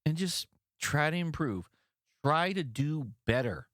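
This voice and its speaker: A man's voice: fairly high pitch, expressive, a little slow, a bit bright, dry recording, clean studio sound. A man hosting a podcast, giving blunt, profane opinion commentary on news stories and ranting with mock voices for the people he criticizes. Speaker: podcast host.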